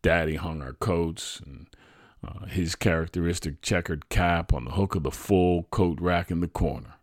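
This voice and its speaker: A man reading his own true childhood story aloud in a measured, reflective way. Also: extremely low pitch, vocal fry, no echo, studio quality. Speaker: storyteller, podcast host.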